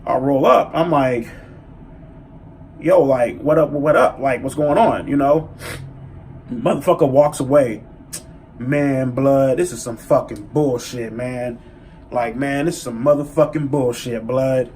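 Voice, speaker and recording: A man telling a story in a casual vlog, profane and animated as he rants. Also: medium pitch, a little slow, slight background noise. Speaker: vlogger.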